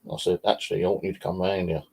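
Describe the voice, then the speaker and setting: Male vlogger, deep husky voice, casual profane storyteller. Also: flat delivery, rapid-fire, a little mellow. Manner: swears freely, rambling anecdotes.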